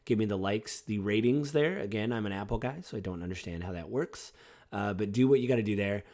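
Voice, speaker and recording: A man's voice: lowish voice, brisk, a little mellow. A man in his forties hosting a personal podcast, talking in a reflective, rambling way with many fillers. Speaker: podcast host.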